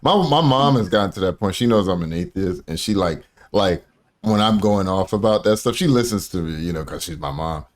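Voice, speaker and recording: Lively, swearing commentary host man. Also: sits low, a little fast. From United States. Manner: animated storyteller, acts out quoted voices, profane, many fillers. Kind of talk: casual commentary chat.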